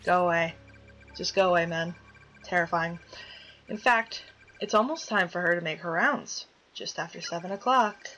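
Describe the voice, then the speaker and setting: A woman's voice: fairly low pitch, normal speed, pushed and bright, faint music behind, poor audio. A woman playing a horror game on video, chatting casually, reading the story aloud and yelping at the scares. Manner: jokey, easily spooked, yelps at scares. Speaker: let's play gamer.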